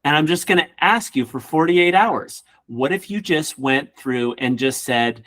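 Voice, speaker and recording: A man who works as a real estate coach, giving an energetic motivational class with casual joking asides. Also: on the high side, a little slow. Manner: energetic, acts out quoted people in voices.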